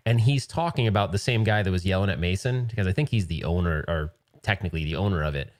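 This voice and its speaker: A man's voice: sits low, fast talker. Rambling man chatting casually. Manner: rambling, laughs often. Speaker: guest. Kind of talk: casual chat.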